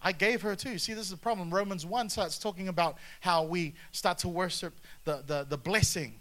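A man preaching a sermon to a congregation, animated, with frequent asides and calls for the crowd to respond. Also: high-pitched, normal speed. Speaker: pastor.

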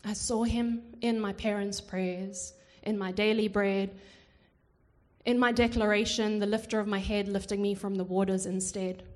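A woman performing spoken word poetry in church, slow and measured, with dramatic pauses. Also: mid-range voice, level tone, darkish tone. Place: church hall. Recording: hall reverb.

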